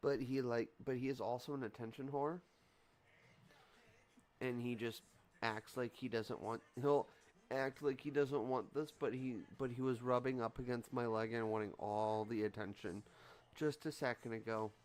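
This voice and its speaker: A man hosts a livestream, offering casual watch-along commentary on wrestling and reacting to it in a playful, teasing way. His mid-range voice keeps a steady tone at a moderate pace.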